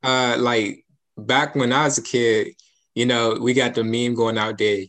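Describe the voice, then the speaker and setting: A man's voice: mid-range voice, fairly even intonation, a little slow, a bit bright. A young man chatting casually, telling childhood stories with easy laughter. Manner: laid-back storytelling, laughs often, acts out quotes. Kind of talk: casual chat.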